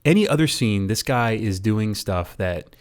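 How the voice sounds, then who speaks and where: Rambling, low-voiced man ranting about a film. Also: expressive, measured pace. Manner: rambling, stumbles and repeats words. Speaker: movie reviewer. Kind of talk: casual review rant.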